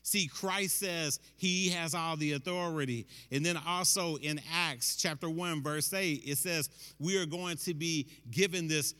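A man's voice: on the high side, measured pace, hardly any pauses, pushed and bright, clear, resonant tone, in a large hall. A man preaching a sermon in a conversational, emphatic way, often tossing in "man" as he drives a point home.

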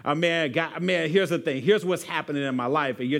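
Male pastor, high-pitched, laid-back conversational sermon, peppers lines with "man". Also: fairly quick, vocal fry, a bit bright. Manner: casual, says "man" constantly, conversational preaching.

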